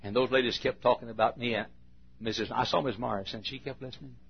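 Older preacher, husky and folksy. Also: male voice, medium pitch, fairly even intonation, fast. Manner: folksy storytelling, swings from hushed to loud bursts. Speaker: pastor. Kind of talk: sermon. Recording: dull, lo-fi archival sermon recording.

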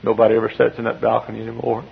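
A man voicing an old male church custodian, tearful and fervent, who shouts shrill amens. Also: monotone, very fast, gravelly, husky, full character voice. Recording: dull lo-fi sermon tape with faint hiss.

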